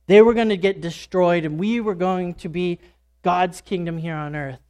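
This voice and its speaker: A man's voice: sits high, steady tone, normal speed, a little mellow, clean tone. A man giving a first-person dramatic monologue as a disciple, speaking as a church speaker in a casual, folksy storytelling way with fillers and asides. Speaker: church speaker retelling a Bible story in character.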